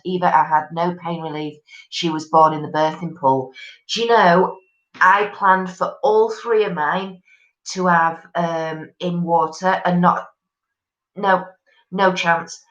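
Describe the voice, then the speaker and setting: Chatty woman, echoey room. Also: on the low side. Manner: chatty and gossipy, with many ums. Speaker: live stream host. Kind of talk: casual chat reading out viewer comments. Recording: echoey room, dull lo-fi sound.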